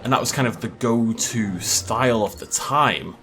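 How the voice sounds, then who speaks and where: A man's voice: mid-range voice, moderate pace, pushed and bright, soft background music. A man giving casual gameplay commentary as a YouTuber, chatty and joking, laughing often. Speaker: gaming YouTuber.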